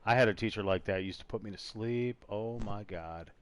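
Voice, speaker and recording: A man's voice: lowish voice, fairly even intonation, fast talker, no echo. A man hosting a casual gaming talk show, rambling and trailing off as he talks. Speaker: podcast host. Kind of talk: casual chat while gaming.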